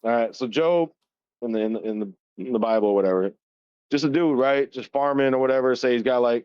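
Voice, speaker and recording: A man's voice: medium pitch, a little mellow, clear, resonant tone, no echo. Man in his thirties, casual podcast storyteller, heavy swearing, frequent laughs, dry dull lo-fi sound. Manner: swears constantly, laughs often, retells Bible story loosely. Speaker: podcast co-host.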